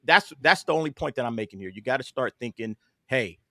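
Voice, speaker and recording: A man's voice: mid-range voice, lively intonation, fast, sharp tone, no echo, studio quality. A man speaking emphatically in a casual political panel discussion, with many fillers and restarts. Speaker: panel guest.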